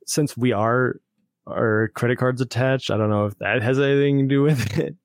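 A man's voice: mid-range voice, steady tone, moderate pace, no echo, studio quality. A man co-hosting a podcast, chatting casually and hedging as he talks things through. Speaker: podcast co-host. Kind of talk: casual chat.

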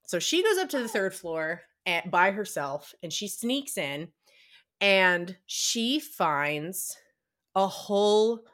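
A woman's voice: mid-range voice, a bit bright. A young woman podcast co-host retelling a book in a chatty, casual way. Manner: chatty, with frequent fillers and laughs.

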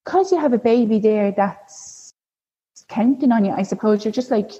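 A woman's voice: mid-range voice, normal speed, warm tone, slightly rough. A woman guest telling a personal story in a candid, chatty way, leaning on filler words. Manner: chatty, heavy use of "like" fillers. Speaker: podcast guest sharing a birth story. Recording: dull lo-fi recording.

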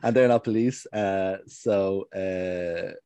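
A man's voice: low voice, slow, mellow, clear, resonant tone, dry recording. A man casually recapping a TV show's plot, rambling and hesitant as he tells it. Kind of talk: casual chat recapping a TV show.

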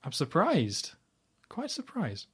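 A man's voice: on the high side, huge pitch swings, slow, fairly bright tone, breathy edge. Chatty man recapping a film. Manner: rambling, opinionated, chatty retelling. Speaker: podcast host. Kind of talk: casual film recap chat.

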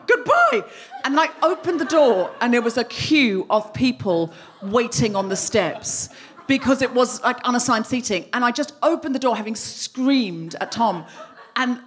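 A woman hosting a live comedy podcast, telling a story on stage with animated, breathless delivery and shrieking acted-out quotes. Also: on the high side. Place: live venue with audience laughter.

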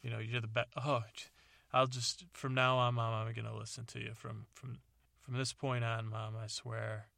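A man's voice: mid-range voice, little pitch movement, normal speed, vocal fry, sharp tone, no room sound, clean studio sound. A man voicing an earnest grown son apologizing to his parents.

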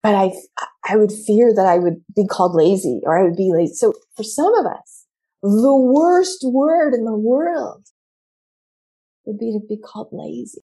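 A middle-aged woman giving a candid, animated motivational talk, acting out her own reactions as she coaches women. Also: medium pitch, normal speed, husky. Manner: candid and expressive, acts out quoted reactions.

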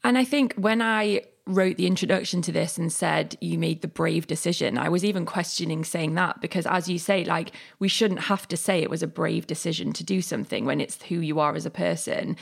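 A woman's voice: on the low side, fairly quick, vocal fry, hardly any pauses. A woman hosting a podcast, asking long, searching questions with plenty of fillers. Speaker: podcast host. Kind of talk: interview questions.

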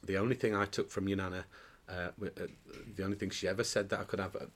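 As a podcast guest recorded indoors, a pantomime dame actor tells jokey anecdotes in casual chat, full of restarts and outbursts of laughter. He talks fast in a low, level voice, with a little hiss or hum on the recording.

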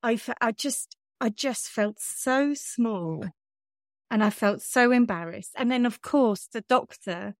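A woman's voice: a little high, takes it slowly, no echo, clean studio sound. A woman, telling a personal story on a podcast in a candid, self-mocking way. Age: 30s. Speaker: podcast host. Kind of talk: casual chat.

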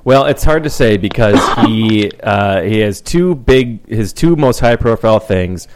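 A man's voice: on the low side, animated, unhurried, a little mellow. A man co-hosting a casual sports podcast, dry and wry, fond of puns. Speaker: podcast co-host.

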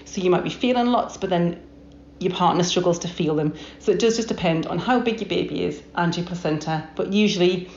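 A woman midwife calmly explaining pregnancy facts. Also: lowish voice, fairly quick. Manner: calm, informative. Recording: echoey, muffled recording with faint noise.

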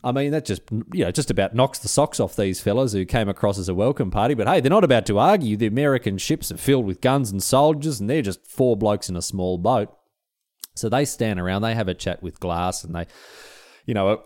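A man's voice: lowish voice, darkish tone. A man telling a history story in a chatty, slangy, comic way as a podcast host.

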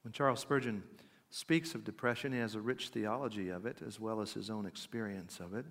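A man's voice: lowish voice, steady tone, brisk, vocal fry, fairly bright tone, in a large hall. A man giving an earnest talk on faith, moving between plain conversational asides and emphatic readings of old quotations. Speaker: podcast speaker.

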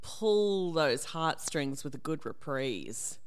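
A woman who directs theatre talks shop on a casual podcast. Her fairly low voice swings widely in pitch as she explains. She speaks in quick, lively asides. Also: smooth.

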